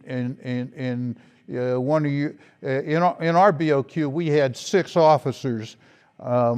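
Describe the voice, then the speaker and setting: An older man slowly and reflectively telling stories of his past in an oral history interview. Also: mid-range voice, a little mellow, clear, resonant tone. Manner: slow, reflective storytelling. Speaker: interviewee, veteran.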